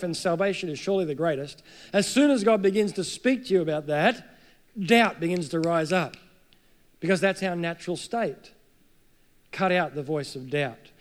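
A man preaching a sermon, earnest, climbing to emphatic peaks and sinking to soft, low passages.

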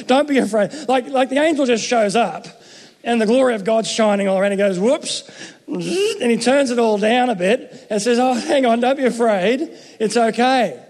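A man's voice: high voice, a little mellow, in a large hall. A man giving a Christmas sermon as pastor, chatty and joking, often restarting his sentences. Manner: conversational, jokey, self-interrupting.

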